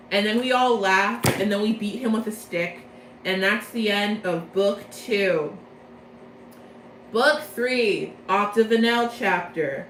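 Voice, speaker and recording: A young woman rattles off a story recap in a rambling, excitable way and keeps correcting herself as she goes. Her voice sits in a roomy space, with faint noise behind it. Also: mid-range voice, unhurried. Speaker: video creator. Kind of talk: casual plot recap from memory.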